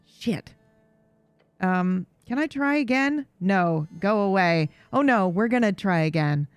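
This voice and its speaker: A woman streamer giving lively, reactive commentary while playing a game, swearing when caught off guard. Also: mid-range voice, slow, clear, resonant tone, no room sound, soft background music. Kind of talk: live game playthrough commentary.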